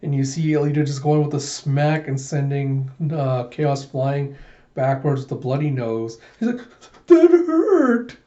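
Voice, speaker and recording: A man casually reading through a comic, retelling each scene in a relaxed way with fillers. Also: mid-range voice, a little slow. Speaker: reader of a manga readthrough. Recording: dull lo-fi recording.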